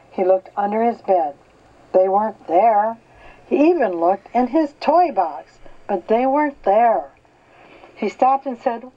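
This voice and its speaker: Grandmotherly storybook reader, slow and gentle, slightly dull lo-fi recording. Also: mid-range voice. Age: older. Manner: slow, gentle, clear reading. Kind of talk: children's story read aloud.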